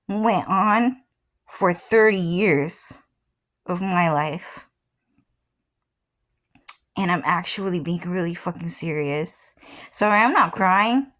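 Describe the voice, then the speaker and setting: A woman in her thirties telling a personal story in a casual, rambling way, often repeating herself and swearing. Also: fairly low pitch. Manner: rambling, repeats "what happened is", swears freely. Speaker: vlogger.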